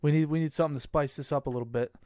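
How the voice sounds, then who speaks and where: Excitable, profane young man telling stories. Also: fairly high pitch, very fast, no echo, clean studio sound. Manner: profane, animated storyteller, laughs often. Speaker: podcast co-host. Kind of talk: casual chat.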